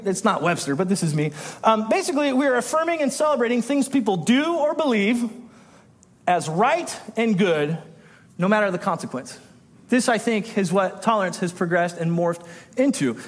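Male pastor, conversational sermon delivery, high-pitched, long church reverb. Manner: conversational, self-interrupting, acts out quoted voices. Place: church sanctuary.

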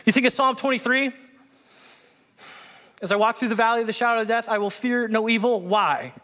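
A man preaching a sermon, reading scripture aloud and breaking off into excited commentary. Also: extremely high pitch, fairly quick, long reverb tail. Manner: animated, excitable, acts out biblical characters with voice shifts. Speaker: pastor.

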